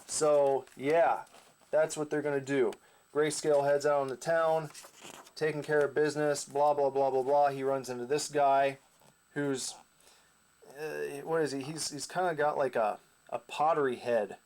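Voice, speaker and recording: A man's voice: fairly high pitch, steady tone, measured pace, a little mellow, slight background noise. A man casually recapping his own comic, rambling with asides. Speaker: comic creator.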